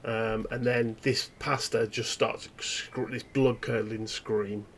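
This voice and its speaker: Male game master, tabletop horror, laid-back, rambling narration, even middle voice. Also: mid-range voice, slow, a little hiss or hum.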